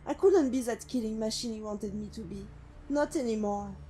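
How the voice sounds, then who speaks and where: Brief: actress as a haunted female synth ex-killer, mellow and slightly high, slow and brooding, soft music behind. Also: slight background noise, natural voice. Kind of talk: game companion monologue. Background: faint music.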